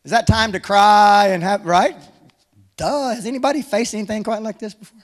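High-voiced pastor preaching. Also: male voice, normal speed, in a large hall. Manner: animated, humorous, exhorting. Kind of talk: sermon.

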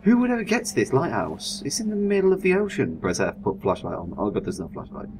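A young man giving chatty, excitable let's-play commentary. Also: mid-range voice, fast. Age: young adult. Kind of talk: gameplay commentary. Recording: steady background noise.

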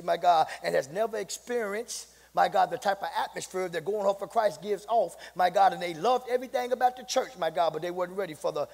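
High-pitched gravelly preacher in a reverberant hall. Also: male voice. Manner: builds to shouting, repeats "my God" often. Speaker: pastor. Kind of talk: sermon. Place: church sanctuary.

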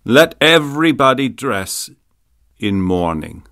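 A man voicing an imperious dying old aunt who gives orders in a weak, hushed near-whisper. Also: medium pitch, big pitch swings, takes it slowly, voice pushed up, full character voice. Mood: commanding.

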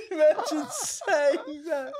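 A man's voice: very high-pitched, lively intonation, extremely slow, heavy background noise. A man co-hosting a podcast, reacting with laughter and disbelief in casual banter. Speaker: podcast co-host.

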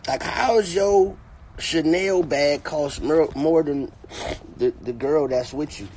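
This man's pitch runs fairly high, and he takes his time while mocking someone in a profane comedy rant from his car. A comedic commentator, he sounds animated and says things over and over, with slight background noise.

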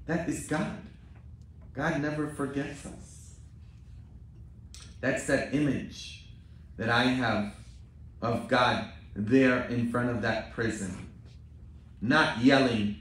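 A man delivers a slow, unhurried sermon, stopping often to ask the congregation a questioning "hmm?". His voice carries heavy echo in a large church and sounds picked up from a distance. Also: mid-range voice, fairly bright tone. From Poland. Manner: storytelling, with frequent questioning "hmm?" asides to the congregation. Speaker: priest. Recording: very echoey church from a distant mic.

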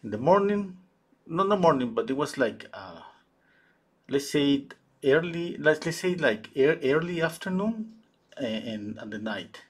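Male painter, husky voice, halting live-stream chatter with many restarts. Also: fairly high pitch, big pitch swings. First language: Spanish. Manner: halting, searches for English words, many restarts. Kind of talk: casual chat while painting live.

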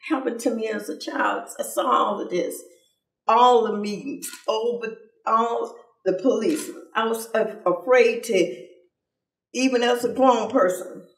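An older woman gives an emotional personal testimony about her father, halting and tearful, often repeating herself. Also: on the high side. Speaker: daughter of a civil rights leader. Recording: roomy sound from far off.

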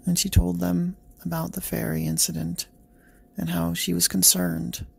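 Male bedtime-story narrator: gentle, slow, husky, flat. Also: sits high.

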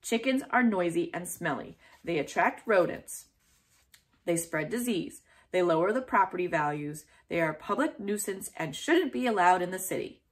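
A woman reading a storybook voices a grumpy male neighbor who growls and snaps loudly. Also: fairly low pitch, animated, moderate pace, natural voice. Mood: gruff, angry. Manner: growling, snappish, loud. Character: grumpy middle-aged male neighbor, gardener.

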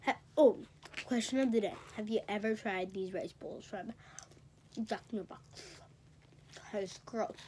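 A woman's voice: medium pitch, measured pace, long pauses, warm tone, slight background noise. A teenage girl rambling and gossiping in a casual vlog, a bit congested and talking while she eats in bed. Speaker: vlogger.

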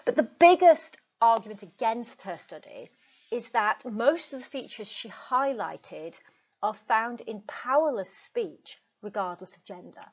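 A woman's voice: fairly high pitch, expressive, a little slow. A woman teacher giving a recorded lecture in a chatty way, with frequent ums and asides. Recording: dull lo-fi recording.

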